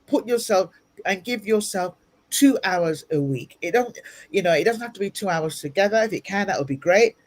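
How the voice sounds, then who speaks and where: A woman's voice: mid-range voice, animated, moderate pace, a little mellow. A woman guest speaker giving earnest motivational advice in an interview, repeating points for emphasis, recorded over a video call. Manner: earnest, advising, repetitive for emphasis. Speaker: guest speaker and ministry leader.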